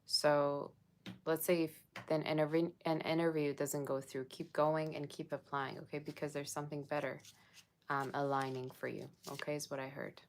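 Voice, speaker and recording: Low-voiced chatty woman tarot reader. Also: level tone, normal speed, a little hiss or hum. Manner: chatty, addresses viewers with frequent "okay?". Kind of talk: casual tarot reading for viewers.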